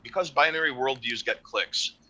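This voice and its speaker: A man's voice: medium pitch, moderate pace, sharp tone, low-quality recording. A man hosting a casual stream discussion, rambling and restarting his points. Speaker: stream host.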